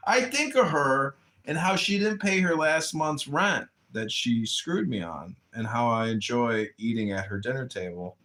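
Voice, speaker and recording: A man's voice: medium pitch, lively intonation, a little slow, few pauses, sharp tone. Rambling man with a swooping voice. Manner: crude, meandering anecdotes. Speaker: livestream host. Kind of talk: casual rambling monologue.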